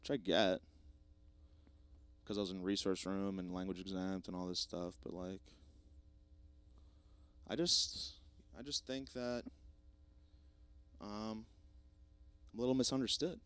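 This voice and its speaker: A young man hosting a podcast, rambling through a jokey, self-deprecating solo monologue with plenty of swearing, swinging between loud bursts and mumbled asides. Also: low-pitched, steady tone, unhurried, long pauses, clean tone. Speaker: podcast host.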